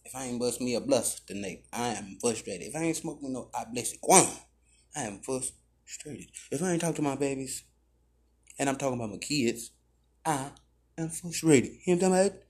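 A man's voice: medium pitch, expressive, moderate pace, darkish tone, husky. A man hosting a podcast, talking in a loose, profane and rambling way. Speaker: podcast host. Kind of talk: casual podcast talk.

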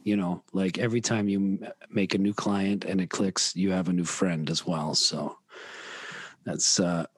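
A man's voice: low-pitched, fairly even intonation, measured pace, dry recording. A man talking in a casual podcast chat, rambling with many restarts as he describes his week. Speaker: podcast guest.

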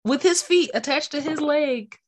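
A woman's voice: high voice, moderate pace. A woman in her late twenties or thirties co-hosting a casual podcast, telling stories animatedly, laughing often and swearing casually. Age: millennial. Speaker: podcast co-host. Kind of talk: casual chat.

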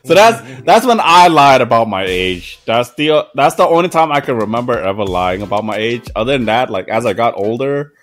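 Animated young man telling a story. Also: mid-range voice, normal speed, hardly any pauses, soft background music. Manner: animated, laughs often, swears. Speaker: podcast host. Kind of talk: casual storytelling chat.

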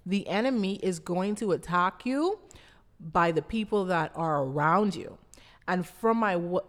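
A woman's voice: medium pitch, fairly bright tone, in a large hall. A woman with a Bahamian accent, a brand founder giving a motivational talk in an emphatic, repetitive, preaching cadence.

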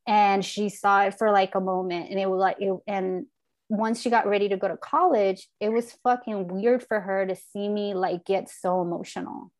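A woman in her forties talks openly and reflectively, her voice sitting at an ordinary middle pitch. She speaks casually and earnestly as a host in conversation, with a swear word here and there. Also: fairly even intonation, normal speed. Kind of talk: candid heartfelt conversation.

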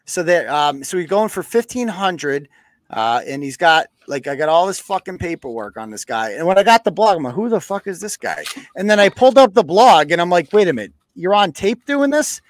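New guy ranting on his live show, swears a lot, high voice that jumps all over, dry sound. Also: sing-song, brisk, no room sound. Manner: profane, blunt, acts out quoted exchanges. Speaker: podcast host. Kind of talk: casual live-show rant.

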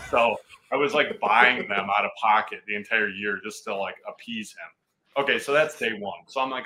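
A man in his thirties, a football player, telling an animated story on a podcast and laughing often. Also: on the low side, moderate pace, slight background noise, poor audio.

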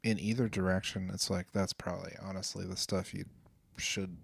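A man's voice: deep voice, little pitch movement, normal speed, creaky, a little hiss or hum. A man co-hosting a podcast in casual chat, jokey and rambling, swearing now and then. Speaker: podcast co-host.

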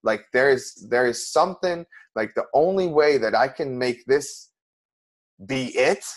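A man's voice: medium pitch, a little slow. A man, an interview guest, telling a personal story in an earnest, emotional way with many restarts.

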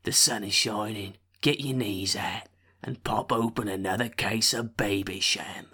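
A man putting on a London accent, soft and half-whispered, reading out a birthday message. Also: fairly low pitch, steady tone, a little slow, slightly rough, heavily acted. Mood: cosy. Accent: attempted London.

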